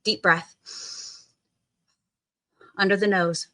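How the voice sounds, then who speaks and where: A woman guiding a tapping meditation, coaxing listeners to repeat phrases and take deep sighing breaths. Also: animated, normal speed, sharp tone. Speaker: tapping session leader.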